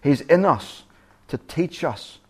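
A man's voice: fairly high pitch, expressive, slow pace, breathy edge. A male pastor preaching a sermon earnestly, often restarting his words and quoting God's voice. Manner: earnest, with repeated restarts and quoted voices of God.

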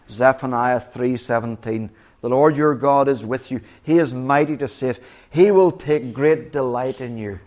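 A male pastor preaches a sermon with an earnest manner, frequently restarting his words and quoting the voice of God. His voice is medium in pitch with a darkish tone.

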